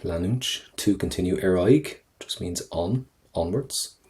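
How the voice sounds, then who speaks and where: A man teaching an exam-prep lesson over a screen recording, chatty and encouraging, repeating phrases slowly for learners. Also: deep voice, darkish tone. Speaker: Irish language tutor.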